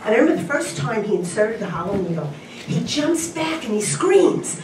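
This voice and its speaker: A middle-aged woman doing a stand-up comedy set on a convention stage, with punchy, drawn-out delivery and laughs. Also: medium pitch, sing-song, slight background noise. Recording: echoey room from far off, loud ambience. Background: audience laughter.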